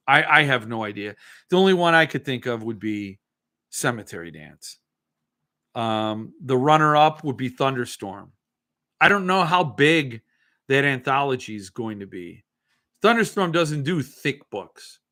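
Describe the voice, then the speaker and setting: A man with a slightly high, bright, forceful voice hosts a casual livestream, a bit tipsy. He rambles, swears, and corrects himself as he answers viewer comments.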